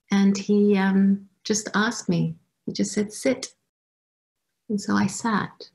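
A woman's voice: on the low side, a little mellow. A woman giving a personal storytelling talk as a guest speaker, reflective and acting out her past reactions. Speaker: guest speaker at a youth summit.

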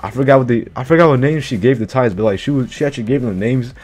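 Slangy, profane man reacting out loud. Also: mid-range voice, racing, slightly rough. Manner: slangy, profane, keeps exclaiming "yo, what?". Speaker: anime reaction YouTuber. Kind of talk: casual reaction commentary.

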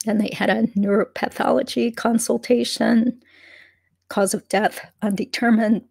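A hoarse woman lawyer giving casual legal commentary on a vlog, talking in a conversational way with many fillers and asides. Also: mid-range voice, a little mellow, no room sound, clean studio sound.

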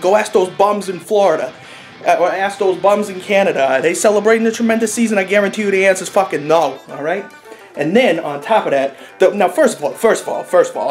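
A man's voice: high voice, natural voice. A man playing an angry bandwagon sports fan from Boston, ranting in a profane, repetitive comedy monologue with a Boston accent, over faint guitar music. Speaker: comedic character.

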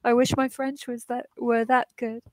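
A woman's voice: on the high side, flat delivery, normal speed, dry recording, poor audio. A woman co-hosting a live stream, chatting casually and encouragingly while translating between languages. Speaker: co-host and interpreter. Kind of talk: casual bilingual live chat.

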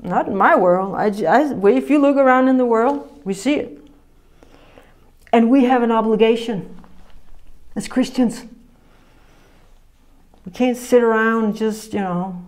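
A woman preaching a sermon in a lively, conversational way, acting out quotes and laughing often. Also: on the high side, a little slow, long pauses.

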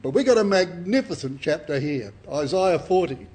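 A man's voice: a little high, lively intonation, normal speed, darkish tone, breathy edge. An older man, giving an earnest, emphatic Bible sermon to a congregation and often repeating his words. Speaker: Bible speaker.

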